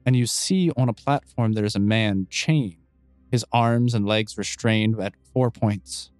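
A man's voice: fairly low pitch, a little slow, dry recording, soft background music. Man narrating as game master. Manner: calm, descriptive narration.

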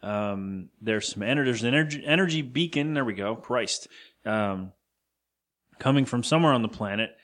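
A man chatting casually on a podcast, recapping a movie scene by scene. His voice sits at an ordinary middle pitch, and he drops in quick quoted lines and the odd swear word. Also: expressive, fairly bright tone. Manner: loose and profane, retells scenes with quoted lines. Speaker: podcast co-host.

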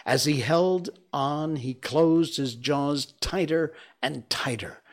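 A man reading a classic story aloud with slow, expressive storybook narration. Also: medium pitch.

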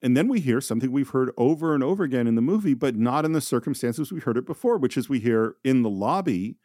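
A man's voice: mid-range voice, expressive, quick pace, dark tone, dry recording, studio quality. A male podcast co-host in casual film discussion, recapping scenes and acting out lines.

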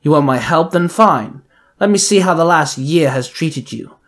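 A man's voice: a little high, animated, moderate pace, fairly bright tone. A man doing an arrogant assassin leader.

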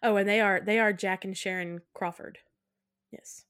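A woman's voice: mid-range voice, steady tone, normal speed, fairly bright tone, dry recording, clean studio sound. A woman co-hosting a podcast, casually retelling film scenes with frequent giggles. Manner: giggly, retells scenes and slips into put-on accents. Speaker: podcast co-host. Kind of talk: casual film-recap chat.

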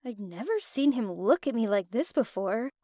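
A young woman telling a first-person story with expressive, emotional delivery. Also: fairly high pitch, moderate pace, no room sound, clean studio sound. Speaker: narrator.

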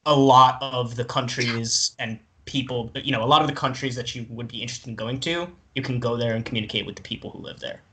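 A man's voice: medium pitch, fairly even intonation, fast talker, hardly any pauses, sharp tone. A young man hosting a casual chat with friends, laughing often and asking the others questions.

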